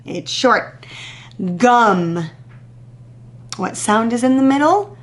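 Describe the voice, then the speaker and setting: Very slow, patient woman teacher. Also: a little high, lively intonation. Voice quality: crisp, exaggerated sounding-out of speech sounds. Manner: patient, drawn-out, encouraging praise after pauses. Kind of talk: slow, deliberate phonics lesson to young children.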